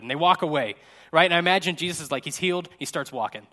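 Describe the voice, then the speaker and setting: Chatty joking male pastor, slightly high. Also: fast, sharp tone. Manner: chatty and jokey, tags lines with "right?". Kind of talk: casual conversational sermon. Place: church service. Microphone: microphone.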